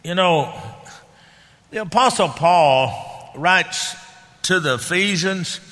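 Folksy preacher in a reverberant hall. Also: male voice, sits high, lively intonation, slow pace, pushed and bright. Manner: folksy, conversational preaching with down-home grammar. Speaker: pastor. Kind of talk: sermon.

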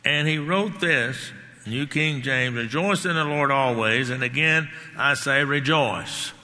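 Preacher, male, sermon delivery; unhurried, very bright tone, long hall echo. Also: mid-range voice. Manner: emphatic preaching, repeating key words, rising on lines of scripture.

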